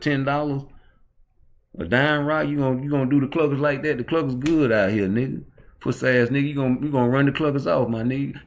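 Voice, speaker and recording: A man's voice: medium pitch, a little mellow, pitched above the performer's own voice, lightly acted. A man putting on the voice of a brash young male street hustler, bragging and taunting in profane banter.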